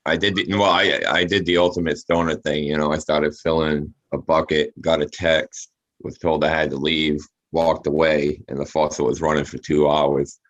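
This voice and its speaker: A man's voice: extremely low pitch, level tone, normal speed. An easygoing man chatting casually as a guest, swearing freely. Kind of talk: casual group chat. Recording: dull lo-fi sound.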